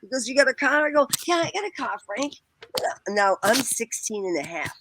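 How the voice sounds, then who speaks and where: A woman, telling a lively story as a podcast guest and acting out the voices in it. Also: on the high side, fairly quick, a little hiss or hum, poor audio. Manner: acts out quoted voices, laughs often. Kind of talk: animated anecdote telling.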